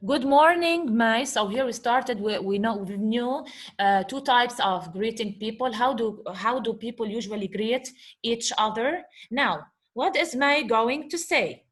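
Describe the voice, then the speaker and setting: A woman with a somewhat high voice teaches Arabic vocabulary in English. She walks through a dialogue, asks her class questions, answers them herself, and goes over each point twice. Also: animated, unhurried. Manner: talks to her class as guys. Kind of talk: explaining vocabulary from a lesson dialogue.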